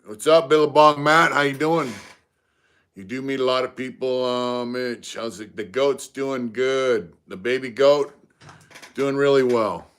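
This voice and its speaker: A middle-aged man talking loosely on his live stream. His pitch sits in an ordinary middle range. He rambles easily and drops into shout-outs to viewers. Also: a little slow, clean tone. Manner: laid-back, greets viewers by name between stories. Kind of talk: casual live-stream chat.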